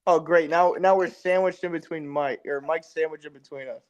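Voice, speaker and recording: A man's voice: a little high, steady tone, a little fast, muffled recording. A man co-hosting a podcast, teasing his friend in casual chat. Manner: teasing banter. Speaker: podcast co-host.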